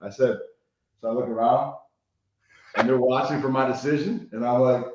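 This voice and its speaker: At a normal speed and steady tone, a medium-pitched Chicago man, a rehab consultant, spins animated stories as a guest in a casual podcast interview. He swears liberally and tags lines with "right?"; there's background noise, and the echoey room gives muffled, lo-fi sound.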